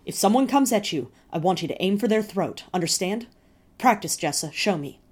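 A woman voicing a fierce, frightened farm mother who snaps sharp orders at her children. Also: low-pitched, fairly quick. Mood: harsh.

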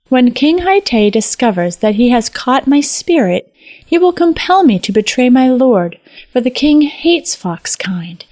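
A woman voicing a gentle, sorrowful fox spirit maiden with a soft, solemn manner in a storybook. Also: a little high, dry recording.

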